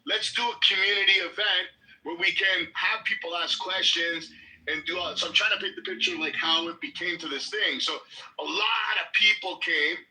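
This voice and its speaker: A man telling a long story in casual podcast chat, animated and swearing freely, acting out what people said. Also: high-pitched, moderate pace, poor audio. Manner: animated, swears a lot, acts out quotes.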